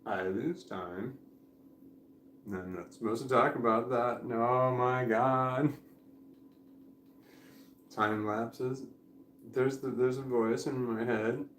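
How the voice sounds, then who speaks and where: A drowsy man talks candidly on a live stream from his home, drifting from thought to thought. He swears freely and laughs between his ideas, his voice sitting at an ordinary middle pitch. The room around him adds a noticeable echo. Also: fairly even intonation, slow, long pauses, a bit bright, slight background noise. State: drowsy and foggy. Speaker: vlogger. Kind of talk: rambling live stream monologue. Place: indoors at home.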